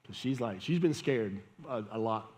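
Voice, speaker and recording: A man's voice: on the low side, expressive, moderate pace, darkish tone. A man, preaching a sermon as a pastor, telling a casual, conversational story and laughing at it. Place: church hall with audience. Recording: live church hall with long reverb.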